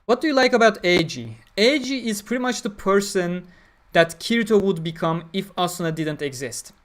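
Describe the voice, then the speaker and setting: A man's voice: sits high, lively intonation, normal speed, fairly bright tone. A man chatting casually on a livestream, reading and answering chat with blunt, opinionated talk. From Turkey. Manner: opinionated, blunt, talks through ideas with fillers.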